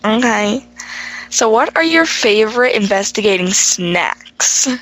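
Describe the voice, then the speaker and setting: A woman's voice: medium pitch, expressive, unhurried, a bit bright, low-quality recording. Young woman hosting a radio interview. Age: young adult. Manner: brief encouraging backchannels and short questions. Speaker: radio show host.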